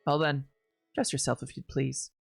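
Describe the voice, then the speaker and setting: A streamer voicing a young nun who speaks quietly, coolly and with dry teasing, in a visual novel read-aloud. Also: male voice, mid-range voice, flat delivery, moderate pace, creaky, soft background music, pitched below the performer's own voice.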